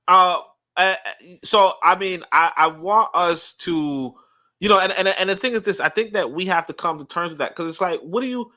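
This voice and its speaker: A man's voice: mid-range voice, sharp tone. A man in his thirties hosting a livestream podcast, talking in a rambling monologue with many restarts and blunt cursing. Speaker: podcast host.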